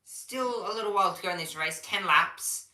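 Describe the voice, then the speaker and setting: A woman's voice: on the low side, moderate pace, sharp tone, echoey room, poor audio. A young woman giving casual live race commentary on a stream, chatting to viewers and reading the chat between calls.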